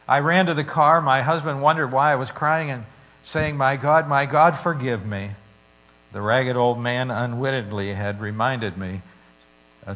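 A man preaching, reading a story and scripture with dramatic shifts in loudness. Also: mid-range voice, rough recording. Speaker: pastor.

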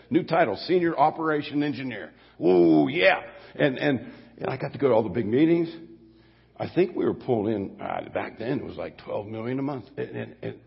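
A man's voice: mid-range voice, creaky, husky. An older man preaching a sermon as pastor, folksy and rambling, stumbling over restarts and slipping into asides. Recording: dull lo-fi audio with long hall reverb.

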